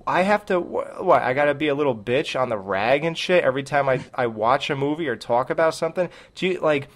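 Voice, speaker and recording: A man's voice: mid-range voice, expressive, brisk. A man co-hosting a podcast and ranting in a sarcastic, profane way. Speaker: podcast co-host. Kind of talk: casual podcast chat.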